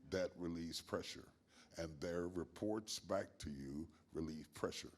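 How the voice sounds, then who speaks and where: Deep husky older preacher, measured cadence. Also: male voice. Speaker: guest pastor. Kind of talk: interview answers, preacherly.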